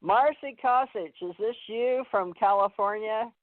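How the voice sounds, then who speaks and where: Over a tinny phone line, a man with a high-pitched voice hosts a call-in radio show at a measured pace. His casual chat rambles, full of fillers and restarts.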